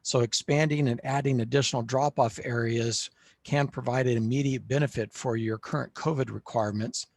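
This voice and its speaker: A man with a husky voice presents slides to a panel at a steady, measured pace, filling pauses with "uh". The sound is dry and close, with no room around it. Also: mid-range voice, no room sound. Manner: measured, with frequent "uh" fillers. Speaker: panelist presenting on school facilities. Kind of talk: webinar presentation.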